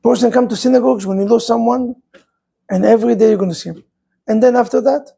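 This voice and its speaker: A man's voice: extremely high pitch, a little fast, creaky, dark tone, husky, poor audio. A man, a rabbi, preaching an impassioned sermon full of rhetorical questions.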